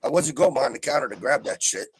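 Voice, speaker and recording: A man's voice: mid-range voice, animated, fast talker, noisy background. A man telling a story in casual chat, profane and fuming, in a rambling rant. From Southern Oregon coast, USA. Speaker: livestream chat participant. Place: trailer park home.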